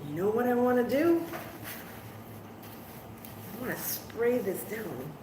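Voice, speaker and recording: A chatty woman with a fairly high voice hosts a live crafting stream from home. She talks straight to her viewers and pokes fun at her own mishaps. Her voice bounces around a roomy space, with a faint hum of noise behind it. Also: big pitch swings, takes it slowly. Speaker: crafting livestream host. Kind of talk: casual live crafting chat. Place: at home, moving outdoors.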